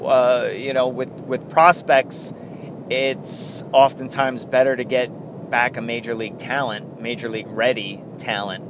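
A man's voice: mid-range voice, flat delivery, measured pace, background noise. A man hosting a casual solo sports podcast, rambling and correcting himself as he goes, with frequent chuckles. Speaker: podcast host.

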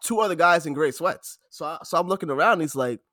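Young male co-host, animated storyteller, bright-ish register, dry close sound. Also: on the high side, fast, no room sound. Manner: animated storytelling with loud shouted impressions and frequent laughter. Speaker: podcast co-host. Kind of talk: casual chat.

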